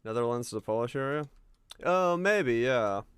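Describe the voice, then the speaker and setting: A man's voice: medium pitch, animated, normal speed, fairly bright tone, clear, resonant tone, no room sound. A man streaming a game and chatting casually with his viewers, musing and rambling as he answers their comments. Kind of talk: casual stream chat while gaming.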